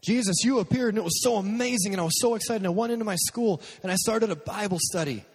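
A man voicing an eager, boastful teenage boy who gushes in a breathless, high-pitched rush. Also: fast talker, breathy edge, close to an everyday voice. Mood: gushing excited. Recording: long hall reverb.

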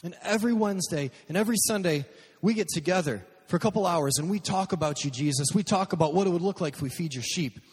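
A man voicing an eager, boastful teenage boy who gushes in a breathless, high-pitched rush. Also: fast talker, breathy edge, lightly acted. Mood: gushing excited. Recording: long hall reverb.

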